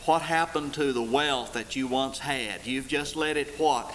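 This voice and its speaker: A man preaching a sermon, rising to loud, high, stretched-out lines and then falling back low and quiet. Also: unhurried, a little hiss or hum, rough recording.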